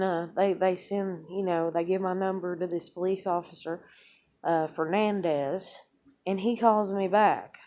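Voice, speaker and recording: A young adult woman tells a long, rambling personal story casually, swearing a lot and relaying events by quoting what she said to people. Her voice is lowish and a little mellow.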